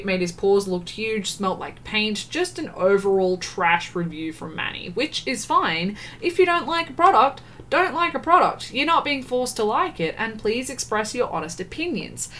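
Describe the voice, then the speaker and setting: A woman's voice: fairly high pitch, a bit bright, slight background noise. A woman doing casual commentary, exasperated and sarcastic, swearing freely and laughing often. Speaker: beauty commentary YouTuber.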